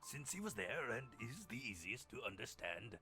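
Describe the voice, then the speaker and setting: A man voicing a formal male agent in a deep, gravelly voice, reading game dialogue as a measured report. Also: big pitch swings, bright, forceful tone, soft background music. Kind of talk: game dialogue read aloud by a player.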